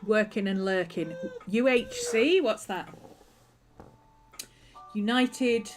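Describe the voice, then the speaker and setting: A woman's voice: mid-range voice, lively intonation, slow pace, soft background music. A woman hosting a casual live stream from her desk at home, chatty and greeting viewers by name. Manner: soft and coaxing when talking to her dog. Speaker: livestream host. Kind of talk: casual live-stream chat while crafting.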